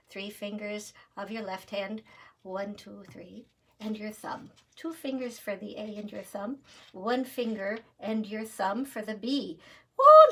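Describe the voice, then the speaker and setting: A woman's voice: fairly high pitch, a little hiss or hum. A woman voicing a cheery, hammy female teacher with a put-on Irish accent and folksy exclamations.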